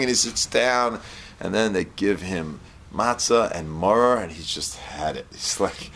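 A man giving a storytelling Torah lesson, reading Hebrew lines and explaining them in English, with lively character voices. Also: on the low side, moderate pace, slight background noise.

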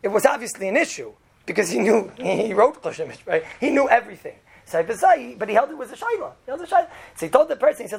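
A man's voice: extremely high pitch, big pitch swings, fast, vocal fry, husky. A man giving an informal religious law lesson in a conversational way, often asking "right?" and acting out the people in his examples. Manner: conversational, often asks "right?", acts out quotes. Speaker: Torah teacher.

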